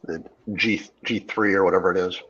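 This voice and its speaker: Deep-voiced laid-back male guest. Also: fairly quick. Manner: relaxed, hesitant, lots of "you know" and "uh". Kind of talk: casual live-stream chat. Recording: dull lo-fi stream audio.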